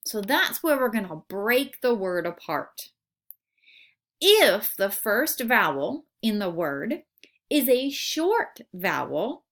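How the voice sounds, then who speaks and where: Bright, lively voice of a patient woman teacher. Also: mid-range voice. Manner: patient, sounds out words slowly, asks questions aloud. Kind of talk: recorded phonics lesson for children.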